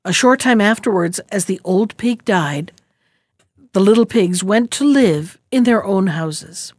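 A woman's voice: medium pitch, animated, unhurried, no echo. Woman reading a storybook, dry and close. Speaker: narrator.

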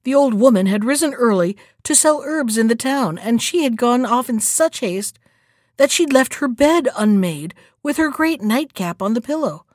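Expressive woman narrator for a storybook reading; fairly high voice, lively. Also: normal speed, no room sound, studio quality.

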